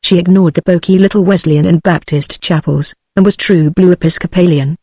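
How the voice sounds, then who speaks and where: A text-to-speech woman's voice with a British English accent, reading a novel aloud in a steady, even audiobook style. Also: fairly low pitch, fairly quick, few pauses, no echo. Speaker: audiobook narrator. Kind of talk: synthetic audiobook narration.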